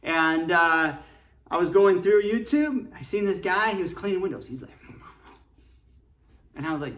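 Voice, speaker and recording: A man's voice: on the high side, normal speed, a bit bright. A middle-aged man from Michigan telling his life story casually and earnestly, rambling with fillers while sitting in his car. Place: inside a parked car.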